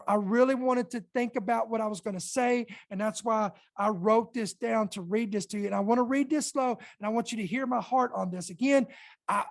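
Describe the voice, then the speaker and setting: A woman hosting a Christian podcast, talking earnestly and reading her notes slowly, with emphatic stresses. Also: on the high side. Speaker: podcast host. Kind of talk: Christian podcast commentary, partly read aloud. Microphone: podcast microphone.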